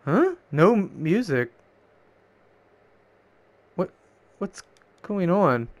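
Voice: mid-range voice, very animated, extremely slow, no echo. A gaming channel host giving let's play commentary, cursing and muttering in frustration at the game. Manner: profane, exasperated, talking to self. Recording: loud game music over voice. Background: loud video game music.

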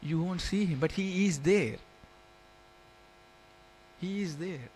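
Male teacher, lively storytelling scripture class in a temple hall, slightly high-pitched. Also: slow, slight background noise. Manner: storytelling, keeps asking "you understand?", chuckles.

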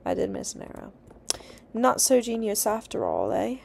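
A woman's voice: fairly high pitch, huge pitch swings, normal speed, creaky, background noise. A young woman giving casual, easily scared let's-play commentary, chatty and swearing, with nervous laughs. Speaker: gaming YouTuber.

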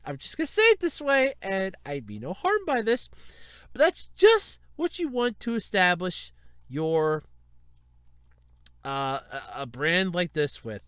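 High, lively man giggling through a podcast. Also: clear, resonant tone, dry recording. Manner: keeps breaking into helpless laughter while talking; animated, exaggerated and self-deprecating. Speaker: podcast host. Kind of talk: solo podcast commentary.

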